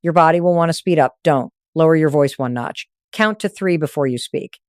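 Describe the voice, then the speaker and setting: A woman's voice: sits low, a little fast, no room sound, clean studio sound. A woman narrating a scripted motivational talk, coaching firmly in short, punchy phrases.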